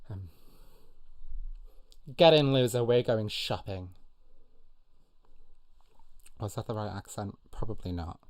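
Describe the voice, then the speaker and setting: A man's voice: low voice, a little mellow, dry recording. A man hosting a casual live quiz, jokey and self-mocking, with plenty of ums. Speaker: quiz host.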